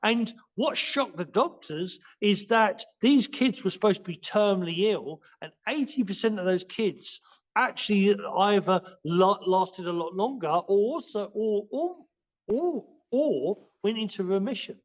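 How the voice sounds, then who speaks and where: A high-voiced man, a martial arts and qigong teacher appearing as a podcast guest, explains something casually at a measured pace. He is expressive but rambling, full of restarts and fillers, and the recording's highs are cut off.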